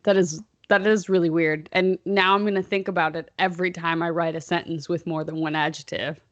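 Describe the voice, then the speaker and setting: A woman's voice: on the low side, fairly even intonation, a little fast, no echo, muffled recording. A young woman co-hosting a casual chat podcast, rambling and playfully sarcastic. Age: young adult. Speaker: podcast co-host.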